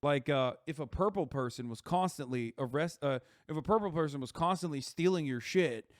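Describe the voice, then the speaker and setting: A man reacting to a video on a live stream in casual commentary, rambling and profane with quick asides. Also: on the high side, no room sound, studio quality.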